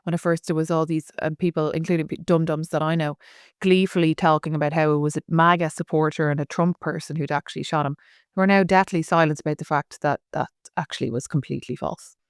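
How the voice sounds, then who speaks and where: An Irish woman with a rather low voice chats about politics on a podcast, reacting in a quick and dismissive way. The close mic picks her up with a dry, roomless sound. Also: steady tone, clean tone, dry recording. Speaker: podcast co-host. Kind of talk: political chat.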